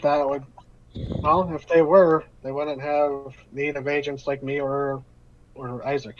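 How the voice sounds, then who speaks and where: A man voicing a guarded, weary company agent who speaks in measured, halting phrases. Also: fairly high pitch, level tone, slight background noise, natural voice. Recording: muffled online call audio.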